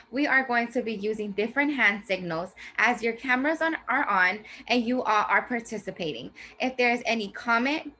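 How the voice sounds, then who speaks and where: A woman teacher explaining a reading strategy to her class in a clear, slow, teacherly way. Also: a little high, pushed and bright. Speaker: teacher presenting a reading lesson. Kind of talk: scripted classroom presentation.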